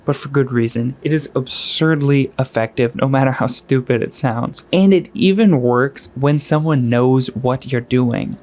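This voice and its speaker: A man narrating a scripted vlog with dry, self-deprecating humor and deliberate pauses. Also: mid-range voice, vocal fry, a little mellow. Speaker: vlogger. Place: Bucharest apartment.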